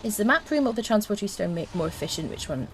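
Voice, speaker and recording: This woman streams a video game with a medium-pitched, very animated voice that moves fast, with a little hiss or hum in the audio. She chats casually with her viewers and hums little tunes to herself while she plays.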